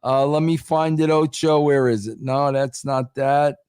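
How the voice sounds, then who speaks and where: A man hosting a live stream, chatting casually and reacting with quick exclamations. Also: medium pitch, steady tone, a little mellow, smooth, no echo, studio quality. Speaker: podcast host.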